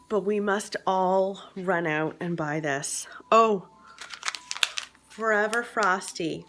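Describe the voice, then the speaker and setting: A woman from Canada chatting at home at night for her vlog, drifting between soft whispers and bright exclamations. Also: lowish voice, slight background noise. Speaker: vlogger. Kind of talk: casual chat.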